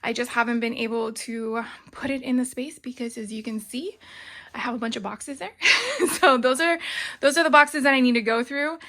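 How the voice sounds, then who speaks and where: Middle-aged woman, casual vlogger, slightly raised pitch, bright and tense tone, chatty with ums, a little out of breath, filmed on a phone in a home craft room. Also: normal speed. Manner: chatty, frequent ums, light laughs.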